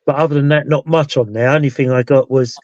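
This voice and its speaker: Hosting a casual live chat about the paranormal, a British investigator and show host rambles and keeps restarting his sentences. His voice is medium in pitch, steady, and a bit mellow, and he talks fast. There's no echo, just a dull, dry, lo-fi sound.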